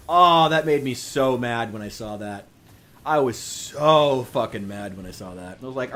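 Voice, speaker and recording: A man's voice: medium pitch, moderate pace, a bit bright. A man chatting casually while streaming a game, ranting with profanity and sarcasm. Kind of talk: casual gaming stream chat.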